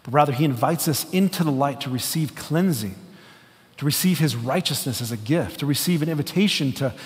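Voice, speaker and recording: A man's voice: a little high, animated, a little fast, in a large hall. A man preaching an earnest, conversational sermon with some fillers and restarts. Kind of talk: sermon with a story read aloud.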